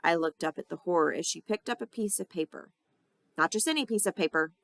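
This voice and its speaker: A woman teacher reading a children's novel aloud, giving the characters lively voices. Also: fairly low pitch, brisk, gravelly, no echo. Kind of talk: storybook read-aloud.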